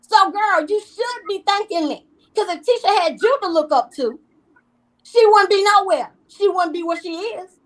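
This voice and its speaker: A woman talks in a casual interview. Her voice sits high, and she tells her stories with animated emphasis and plenty of repetition. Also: moderate pace, poor audio. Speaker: reality TV guest.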